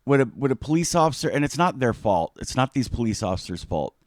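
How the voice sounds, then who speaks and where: A man's voice: medium pitch, big pitch swings, quick pace, dry recording, studio quality. A man giving heated commentary on a video, emphatic and agitated, repeating his points.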